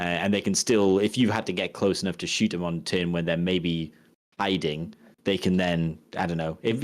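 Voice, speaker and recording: A man co-hosting a casual podcast chat, working through game tactics aloud and restarting his sentences as he goes. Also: low-pitched. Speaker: podcast co-host.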